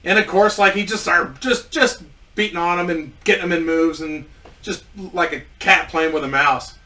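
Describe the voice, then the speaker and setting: A man's voice: high-pitched, fairly even intonation, normal speed, pushed and bright, distant mic, rough recording. A man telling a casual story about his wrestling days, rambling with many restarts and frequent swearing.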